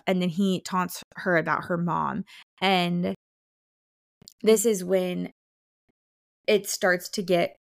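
Young woman, podcast co-host, lively casual recap, dry close mic. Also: lowish voice, takes it slowly, gravelly, long pauses, dry recording. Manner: animated, reads book passages aloud and acts out characters. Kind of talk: casual book-club chat.

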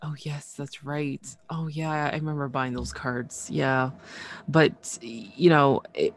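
A woman's voice: low voice, a little hiss or hum. A woman co-hosting a podcast in casual chat, bubbly and laughing often, with lots of "you know" and "like". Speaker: podcast co-host.

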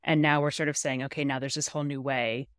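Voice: medium pitch, flat delivery, fast talker, a bit bright, clear, resonant tone, no room sound, studio quality. Thoughtful, hesitant podcast co-host. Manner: thoughtful, hesitant, with many fillers and restarts. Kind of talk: conversational interview question.

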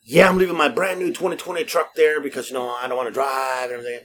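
A man's voice: medium pitch, level tone, fast talker, a bit bright, close to an everyday voice. A boastful, cheating middle-aged passenger, as a man puts him on, bragging in a casual, offhand way. His voice stays close to an ordinary speaking voice.

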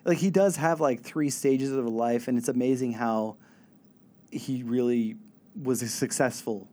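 A man co-hosting a casual chat podcast, rambling with many fillers and trailing off softly at the ends of his thoughts. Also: medium pitch, steady tone, unhurried. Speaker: podcast co-host.

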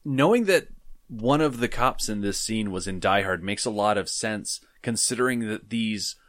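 A man with a fairly low voice joins a relaxed film chat with wry, joking asides. The recording is dry and close. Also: normal speed, no echo. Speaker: podcast co-host. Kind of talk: casual movie commentary chat.

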